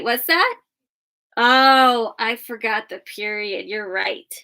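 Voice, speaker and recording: A woman teaching young children a guided reading and writing lesson in a slow, sing-song teacher voice, spelling words out letter by letter. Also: on the high side, sharp tone. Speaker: kindergarten teacher.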